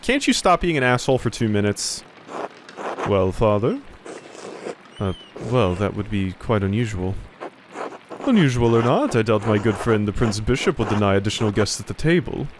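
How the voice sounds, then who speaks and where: A young man playing a game, reading its dialogue aloud and adding sarcastic commentary with sudden loud outbursts. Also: mid-range voice, background noise. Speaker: let's play commentator.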